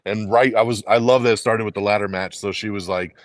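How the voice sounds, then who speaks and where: A middle-aged man co-hosting a sports podcast, chatting casually and telling lively stories with frequent laughs. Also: fairly low pitch, quick pace, no echo, studio quality. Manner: animated storyteller, laughs often. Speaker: podcast co-host.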